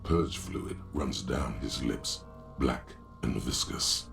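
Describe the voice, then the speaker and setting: An actor voicing a grave male narrator in a video game, with slow, ominous and vivid delivery. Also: extremely low pitch, creaky, a bit bright, faint music behind, exaggerated voice.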